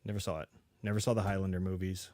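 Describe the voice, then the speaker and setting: A middle-aged man in his forties, co-hosting a podcast and telling a profane, animated story in casual chat. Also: sits low, fast talker, dry recording, clean studio sound. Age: 40s. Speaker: podcast co-host.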